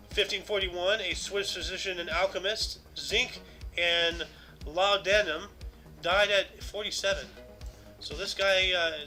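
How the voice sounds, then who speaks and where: A man's voice: high voice, sharp tone, low-quality recording. A man co-hosting a casual show, reading out history entries in a chatty way and wondering aloud. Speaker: podcast co-host.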